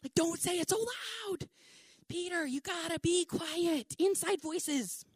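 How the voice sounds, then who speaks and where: A woman voicing frightened male disciples who hush a loud friend in furtive, near-whispered pleas. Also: extremely high pitch, takes it slowly, no echo, studio quality, voice pushed up. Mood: anxious hushing.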